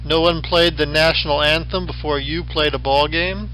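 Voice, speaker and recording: A middle-aged male professor from the western United States giving a recorded lecture with a slideshow, in a dry, wry way with deadpan asides. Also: fairly high pitch, normal speed, slight background noise, low-quality recording.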